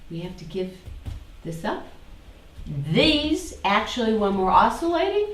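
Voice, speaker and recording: A woman's voice: mid-range voice, very animated, measured pace. Woman teaching a group, lots of questions, echoey room, mic kinda far. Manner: questions the audience, repeats phrases in a singsong. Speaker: spiritual teacher. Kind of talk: interactive spiritual talk to a group.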